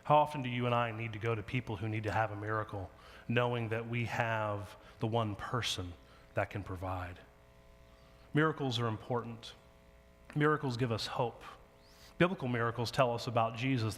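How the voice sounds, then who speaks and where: A man's voice: medium pitch, a bit bright. A man preaching a sermon, animatedly telling a story and acting out the dialogue of its characters. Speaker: pastor. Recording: long hall reverb.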